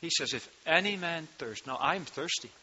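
A man preaching a sermon into a microphone to his congregation, slow and emphatic, rising to loud cries on key words, speaking with a turn of phrase. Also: a little high, lively intonation, husky. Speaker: pastor. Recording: dull lo-fi sound.

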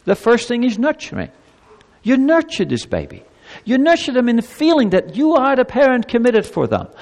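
A man preaching a sermon as pastor, animated, sometimes speaking God's words in a pleading tone. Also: extremely high pitch, moderate pace. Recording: long hall reverb.

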